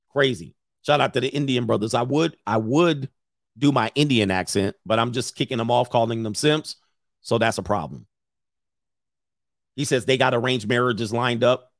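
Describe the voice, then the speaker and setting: A man's voice: medium pitch, moderate pace, pauses often, no echo. Blunt, opinionated man in dry sound. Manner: blunt, opinionated, rambling with restarts. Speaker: host reading viewer comments. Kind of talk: casual live-stream commentary.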